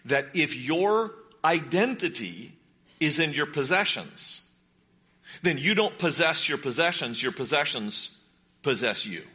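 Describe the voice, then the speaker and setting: A man's voice: a little high, expressive, a little slow, pushed and bright. A pastor preaching a sermon in a conversational way, asking his congregation questions. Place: church sanctuary with congregation.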